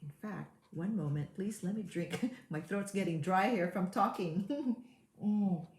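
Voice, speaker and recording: A woman coach talks through a motivational webinar in an earnest, steady way, repeating key words to drive them home. Her voice sits at a middle pitch. The sound carries a noticeable room echo. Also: a little slow. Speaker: high performance coach. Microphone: webinar mic.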